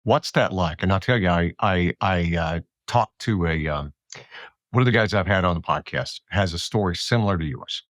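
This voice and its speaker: A man with a low-pitched, fairly bright voice speaks at a moderate pace on a dry recording, close to the mic. Hosting a podcast, he reflects aloud in a thoughtful, rambling interview chat with many restarts.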